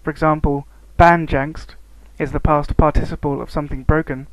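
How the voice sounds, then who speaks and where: A student narrator, a man with a slightly higher voice, reads a scripted educational narration at a steady pace, slowing on the example words. The low-quality recording is dry and close, with no echo or room sound.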